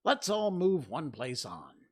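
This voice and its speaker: A man voicing a rude, bossy grown man at a tea party in a storybook reading, smug and loud. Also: a little high, huge pitch swings, slow pace, slightly rough, pitched above the performer's own voice, exaggerated voice.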